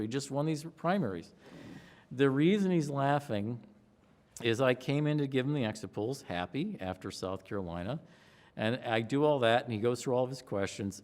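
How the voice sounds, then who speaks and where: Middle-aged man telling stories, reverberant sound. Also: medium pitch. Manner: lively storyteller acting out others' voices. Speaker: pollster interviewee. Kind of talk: anecdotal interview storytelling.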